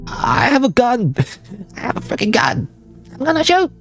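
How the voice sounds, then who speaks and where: A man voicing a panicky young nun waving a shotgun, in a high frantic falsetto. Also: sing-song, slow pace, darkish tone, soft background music.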